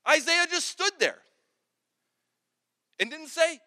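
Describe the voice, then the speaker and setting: High-voiced man preaching in a hall. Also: unhurried. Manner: earnest storytelling, repeats words when excited. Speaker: pastor. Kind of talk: sermon. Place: large hall with an audience. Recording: long hall reverb.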